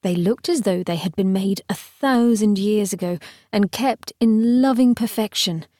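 Measured and expressive, a woman with a mid-range voice reads a novel as its audiobook narrator. The scripted narration comes through in clean studio sound without echo.

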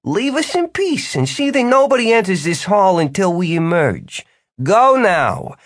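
A man doing a booming grand wizard host. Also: sing-song, measured pace, no room sound, studio quality. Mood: commanding. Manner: booming, theatrical, commanding. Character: jovial grand adult male wizard host.

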